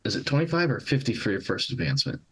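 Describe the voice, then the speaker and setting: A man's voice: on the low side, very animated, very fast, a bit bright, breathy edge. A man playing a tabletop game who talks in an eager, joking way. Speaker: player. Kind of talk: casual game chat.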